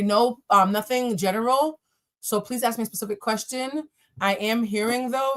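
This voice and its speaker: A young woman hosts a live-stream tarot reading and answers her viewers' questions. She talks bluntly and playfully, swears casually and keeps calling the audience y'all. Her voice sits at a middling pitch. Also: a bit bright.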